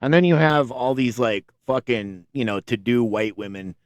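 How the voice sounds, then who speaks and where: A man's voice: mid-range voice, moderate pace, no room sound. A man hosting a commentary channel, ranting casually and exasperated, swearing often and restarting his sentences. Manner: profane, exasperated, rambling with restarts. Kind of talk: casual reaction rant.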